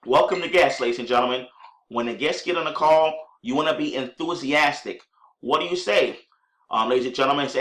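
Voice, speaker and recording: In an echoey room, a man gives an instructional talk on running conference calls for network marketing, addressing listeners as ladies and gentlemen and acting out sample greetings upbeat and with enthusiasm. He speaks fairly quickly at medium pitch while clearing a scratchy throat.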